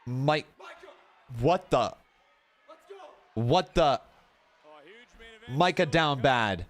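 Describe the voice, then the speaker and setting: A young man hosts a live watch-along stream at a medium pitch, drawing out his words and pausing often. Excitable and quick to laugh, he chats with viewers, calling them "guys" and "bro" in casual live-stream commentary.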